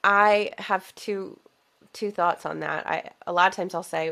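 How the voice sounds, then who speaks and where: Woman podcast host, really low voice, gravelly, reflective and animated. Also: unhurried. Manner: reflective, animated, laughs often. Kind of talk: casual interview chat.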